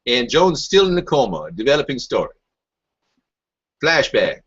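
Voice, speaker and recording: Husky man in combative political rant. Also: medium pitch, sing-song, moderate pace, fairly bright tone, muffled recording. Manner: combative, mocking, sarcastic. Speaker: talk show host. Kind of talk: rambling political talk, answering live chat.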